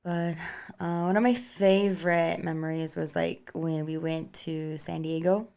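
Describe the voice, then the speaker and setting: A woman's voice: low voice, fairly even intonation, measured pace, a little mellow, clear, resonant tone. A young woman co-hosting a podcast, chatting casually and laughing often, with many "like"s and "you know"s. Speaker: podcast co-host. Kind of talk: casual chat.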